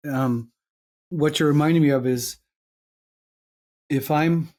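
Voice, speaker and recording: A man's voice: a little high, steady tone, slow pace, a little mellow. An older man from New York with a New York accent, a psychologist and author being interviewed, acting out little dialogues in shifting voices. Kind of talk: reflective interview talk.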